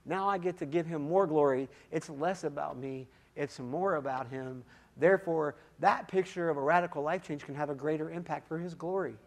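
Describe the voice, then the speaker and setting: A man giving a sermon testimony, swinging from quiet, intimate moments to loud, emphatic calls, with repeated "come on" and "listen". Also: fairly high pitch, normal speed. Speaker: guest speaker giving testimony.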